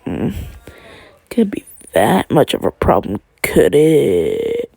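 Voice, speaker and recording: A man's voice: a little high, huge pitch swings, slow, vocal fry, dark tone, husky, no echo. A man casually narrating a fan-made story, rambling with slangy asides and wandering off on tangents.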